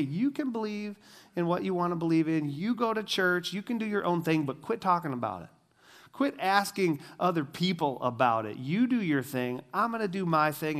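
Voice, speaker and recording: Pastor, male, slightly higher voice, chatty and animated, acts out quotes mid-sermon. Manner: conversational, lots of "like" fillers; animated, mimics people in quotes. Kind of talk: casual sermon. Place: church with a screen.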